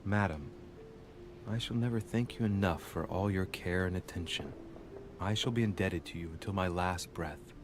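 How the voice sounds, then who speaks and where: An actor playing a young aristocratic man who reads formal letters aloud in a measured, courtly way. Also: low voice, background noise. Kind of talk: game voice acting.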